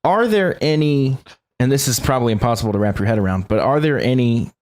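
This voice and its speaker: A man's voice: medium pitch, expressive, fast, a little mellow. A man from South Carolina co-hosting a talk show, joking bluntly and swearing freely in casual chat. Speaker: podcast co-host.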